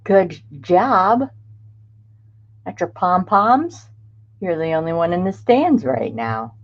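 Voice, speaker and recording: A middle-aged woman with a low voice hosts a craft livestream. She chats unhurriedly, greets viewers by name and laughs easily. Her voice comes through a desk webcam mic with dull, lo-fi stream audio. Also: big pitch swings, slow pace. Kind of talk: casual live-stream chat.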